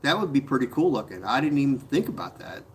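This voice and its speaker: A man's voice: medium pitch, very animated, fast talker, slight background noise. A man chatting casually on a live stream from his pottery studio, reading viewer comments aloud, talking to viewers by name and laughing often.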